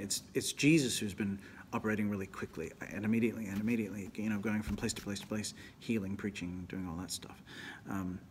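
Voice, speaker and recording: Low-voiced priest teaching scripture. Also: male voice, slight background noise. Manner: animated and emphatic, often dropping to a near whisper. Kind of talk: Bible teaching talk.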